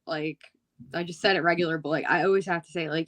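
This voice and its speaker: A woman from Philadelphia chatting casually on a podcast, relaxed and laughing often. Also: medium pitch, moderate pace. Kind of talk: casual chat.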